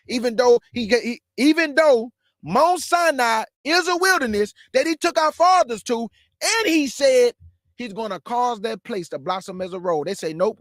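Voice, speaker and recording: High-voiced fast-talking preacher man. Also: a bit bright, no room sound, studio quality. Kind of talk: live-streamed bible teaching.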